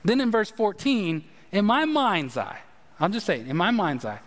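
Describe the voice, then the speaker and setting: A man's voice: sits high, normal speed. A man preaching a sermon, emphatic and speaking straight to his listeners as a pastor. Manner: animated, emphatic preaching with direct address. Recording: reverberant hall.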